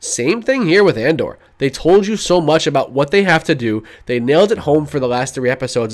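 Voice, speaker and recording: A man co-hosting a podcast in casual chat, excitable and gushing, with lots of "like". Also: a little high, brisk, hardly any pauses. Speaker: podcast co-host.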